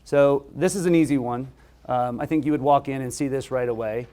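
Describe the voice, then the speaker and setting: A man who is a surgeon, giving a relaxed, conversational medical lecture with frequent hesitations. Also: medium pitch, brisk.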